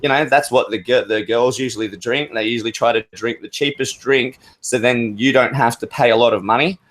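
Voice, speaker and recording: A man's voice: medium pitch, a little fast, fairly bright tone. A man on an open-mic call, telling a long, rambling story in casual chat and swearing freely. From Australia. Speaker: caller.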